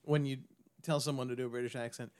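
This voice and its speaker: A man in casual comedic chat, telling stories with quick asides and some swearing. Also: mid-range voice, steady tone, a little mellow, a little hiss or hum.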